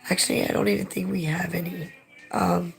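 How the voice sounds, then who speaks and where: A woman hosting a casual livestream and reading viewer comments, hoarse and out of breath from losing her voice. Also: fairly low pitch, flat delivery, a little fast. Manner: gravelly and tired. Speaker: livestream host reading chat.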